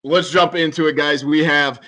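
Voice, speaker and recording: A male podcast host with a bright, forward voice sitting a bit high. He talks casually and builds the guest up with hype-man energy. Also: fairly even intonation, normal speed, slight background noise.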